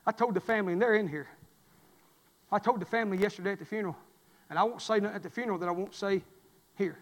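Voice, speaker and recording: High-voiced preacher in a reverberant hall. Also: male voice, quick pace. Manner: folksy storytelling, swinging between loud cries and low murmurs. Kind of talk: sermon.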